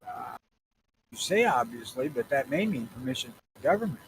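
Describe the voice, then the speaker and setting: A man's voice: mid-range voice, big pitch swings, normal speed, background noise. A man co-hosting a casual podcast, cutting in with wry, sardonic remarks. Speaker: podcast co-host.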